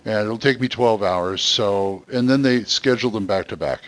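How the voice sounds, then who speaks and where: A man's voice: fairly low pitch, moderate pace. A man co-hosting a podcast, easygoing in casual chat and steering the talk. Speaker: podcast co-host.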